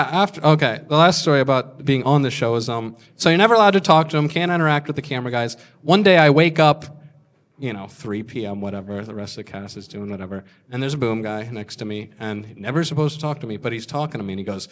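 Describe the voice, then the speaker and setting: A man's voice: mid-range voice, expressive, fast, a bit bright. A man in his thirties telling stand-up stories, crude and self-mocking, slipping into other people's voices. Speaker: stand-up comedian. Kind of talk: stand-up storytelling.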